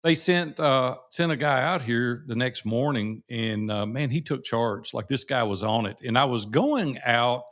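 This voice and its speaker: Middle-aged man, podcast co-host, lively storyteller, laughs easily, casual, home office. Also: mid-range voice, measured pace, hardly any pauses. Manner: animated anecdote telling, laughs easily.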